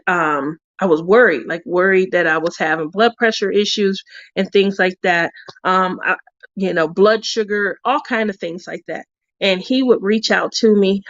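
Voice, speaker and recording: A woman's voice: medium pitch, no echo. Giggly, chatty woman on a dull recording. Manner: chatty, laughs often. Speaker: craft channel host. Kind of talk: casual chat.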